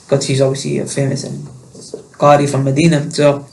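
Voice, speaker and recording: A man's voice: medium pitch, monotone, brisk, gravelly, darkish tone. A man hosting a casual chat, eager and chatty as he shares his own experience. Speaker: host.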